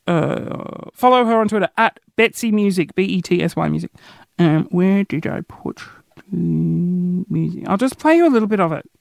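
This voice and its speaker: A woman's voice: fairly low pitch, no room sound, studio quality. A young woman hosting a solo podcast, chatting casually and rambling from one giggly tangent to the next. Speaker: podcast host.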